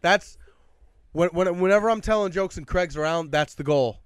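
A young man on a podcast, telling stories in an animated way and swearing often. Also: high voice, moderate pace, smooth, no room sound, clean studio sound. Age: young adult. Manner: animated storytelling, swears a lot. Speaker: podcast guest. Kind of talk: casual chat. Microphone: podcast mic.

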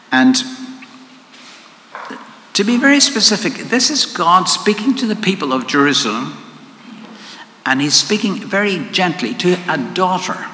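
Bright-voiced man preaching in an echoey hall. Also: medium pitch. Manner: conversational, with asides and repeated words. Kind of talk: sermon. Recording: echoey hall with faint noise.

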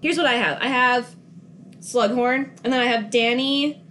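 A woman's voice: fairly high pitch, moderate pace, fairly bright tone, a little hiss or hum. A woman casually recapping a film with a friend, laughing often and swearing freely. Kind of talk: casual movie recap chat.

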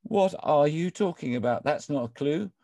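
A man voicing an eager middle-aged seeker who pleads and gets excited, in a storytelling talk. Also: fairly high pitch, rapid-fire, creaky, no room sound, pitched above the performer's own voice.

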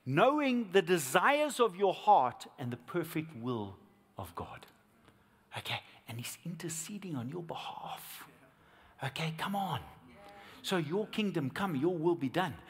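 A man preaching a sermon as pastor, swinging from hushed whispers to loud, impassioned appeals and repeating phrases for emphasis. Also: on the high side, sing-song, a little slow. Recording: long hall reverb, faint music behind.

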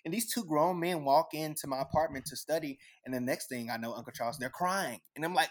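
A man's voice: on the high side, quick pace, few pauses. A man being interviewed as a guest, sharing a personal faith story in an earnest way. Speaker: guest, content creator. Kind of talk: interview answers.

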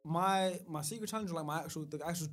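A man's voice: a little high, fast talker, a bit bright, faint music behind. Laid-back young man. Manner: laid-back, trailing off, lots of yeahs. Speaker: podcast guest. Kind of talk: casual chat.

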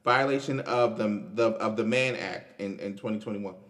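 A man's voice: fairly low pitch, normal speed, a bit bright. A young man, hosting a casual podcast and commenting on news in a loose, chatty way with restarts and laughs. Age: 20s. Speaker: podcast host.

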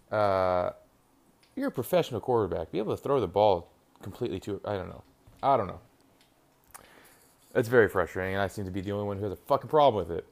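Low-voiced rambling profane man. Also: a little mellow. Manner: rambling, profane, reacting to a game on TV. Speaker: podcast host. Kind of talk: casual solo chat.

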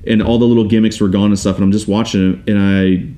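Animated man telling a story casually. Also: on the low side, quick pace. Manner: animated, quotes others in acted voices, restarts often. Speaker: guest telling a personal story.

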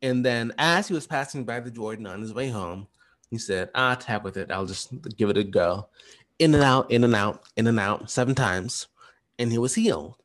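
A man walking through study questions in a fast, rambling, casual way, with lots of restarts. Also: medium pitch, fairly bright tone. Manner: chatty, retells stories in slangy voices. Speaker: teacher. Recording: voice message.

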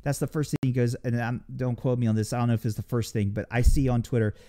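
A man's voice: mid-range voice, steady tone, quick pace, warm tone. A man in casual podcast chat, ranting with heavy swearing and many restarts. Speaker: podcast co-host.

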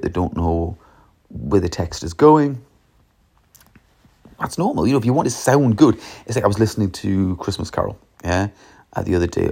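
A man's voice: sits low, gravelly, warm tone, husky. A man talking about classroom teaching on a podcast, emphatic and demonstrative, acting out how he speaks to pupils. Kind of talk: solo podcast talk on teaching.

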